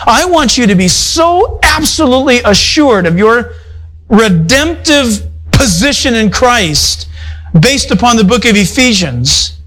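A man's voice: very high voice, big pitch swings, unhurried, a bit bright, soft background music, rough recording. A male pastor preaching a sermon in a conversational, folksy way, full of asides to his congregation. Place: church fellowship hall.

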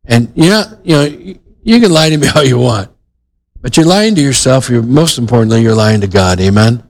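A man's voice: medium pitch, animated, fairly quick, poor audio. A male pastor giving a sermon in a conversational way, with frequent restarts and asides to the congregation.

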